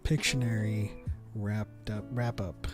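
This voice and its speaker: A man's voice: lowish voice, fairly even intonation, slow, over music. A man hosting a casual live podcast chat, rambling with lots of fillers. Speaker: podcast host.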